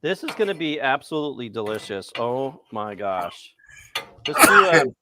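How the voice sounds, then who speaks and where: A man's voice: mid-range voice, very animated, normal speed, background noise. A man hosting a casual cooking show, chatting about his food and laughing with friends.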